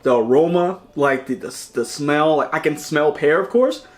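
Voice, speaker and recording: This snack reviewer and channel host speaks at a normal speed with a fairly high pitch in his casual taste-test vlog. Chatty and rambling, he frequently talks with his mouth full, restarting sentences and repeating words.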